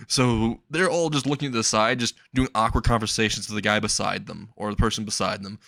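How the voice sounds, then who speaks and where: A man's voice: lowish voice, steady tone, moderate pace, gravelly, a bit bright, no room sound. A man telling a comedic story casually, crude, rambling and often laughing.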